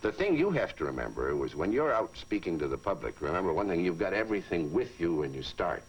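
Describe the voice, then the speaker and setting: Man, New England accent, wry, self-deprecating, lively up-and-down delivery, 1950s TV chat. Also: low voice, fast, a little hiss or hum, rough recording. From South Africa. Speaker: guest on a boxing telecast.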